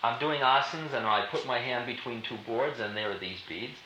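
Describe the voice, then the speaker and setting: A man's voice: mid-range voice, brisk. A man telling a spiritual story to an audience in loose, hip slang, with laughter running through his talk. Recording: roomy, dull lo-fi archive recording with loud hiss.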